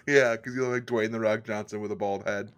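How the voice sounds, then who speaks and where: A man's voice: fairly low pitch, fairly even intonation, fairly quick, smooth. A man hosting a comedy podcast in a playful, teasing way, often laughing. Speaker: podcast host. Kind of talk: casual comedy chat.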